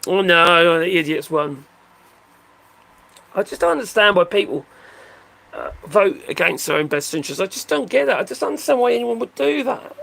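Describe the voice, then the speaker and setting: A man's voice: sits high, lively intonation, moderate pace, vocal fry, fairly bright tone. An older man casually chatting on a livestream, rambling and joking as he answers viewer comments. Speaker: livestream host reading chat. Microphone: phone.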